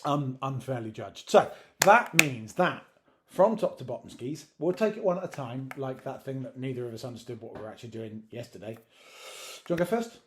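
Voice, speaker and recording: A man's voice: medium pitch, expressive, a little fast, background noise. A man co-hosting a casual chat, rambling and correcting himself as he jokes along. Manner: rambling, self-correcting, jokey. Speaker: co-host.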